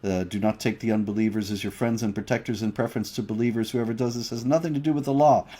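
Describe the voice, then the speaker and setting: A man's voice: lowish voice, steady tone, fast, dark tone. A man co-hosting a livestream, explaining points emphatically and reading out viewer chat comments. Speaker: co-host of a livestream show.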